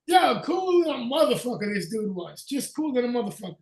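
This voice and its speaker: Gravelly northern us guy telling a cussing story on a video call, echoey room. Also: very high voice, fairly quick, far from the mic. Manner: profane, animated storyteller who acts out dialogue. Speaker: podcast host. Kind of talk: casual storytelling chat.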